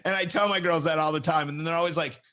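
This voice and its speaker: A man hosting a podcast, coaching gymnastics and telling animated stories in casual chat. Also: on the high side, very fast. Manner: animated storyteller who acts out quoted lines.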